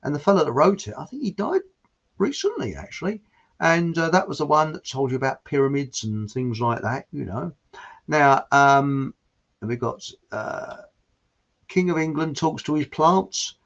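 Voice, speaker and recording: A man's voice: mid-range voice, animated, normal speed, a bit bright. A man hosting a live show, chatting casually and reading viewer comments aloud, rambling with loose restarts and chuckles. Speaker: livestream show host. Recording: dull lo-fi stream audio.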